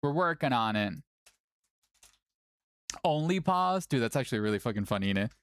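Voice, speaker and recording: Animated, playful stream host, dry mic. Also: medium pitch, normal speed, clear, resonant tone, no echo. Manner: playful, chatty, often cooing at a cat. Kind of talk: casual livestream chat.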